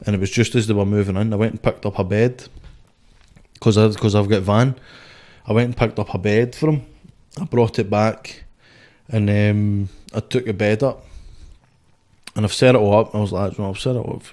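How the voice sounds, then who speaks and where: A man's voice: lowish voice, fairly even intonation, moderate pace, pauses often, dark tone. A Scottish man in his twenties, a boxer and podcast guest, telling rambling stories full of swearing. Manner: swears constantly, rambling storyteller. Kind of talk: casual podcast chat.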